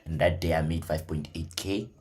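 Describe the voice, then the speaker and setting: A man, a trading mentor, telling stories in casual talk, animated, swinging from hushed to loud. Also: a bass voice, normal speed. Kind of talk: casual storytelling.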